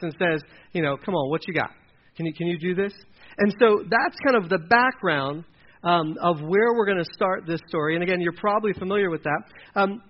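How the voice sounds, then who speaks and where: High voiced guy preaching a sermon like he's chatting, does little voices for people, kinda muffled lo-fi sound. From Delaware. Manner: conversational, acts out quoted characters.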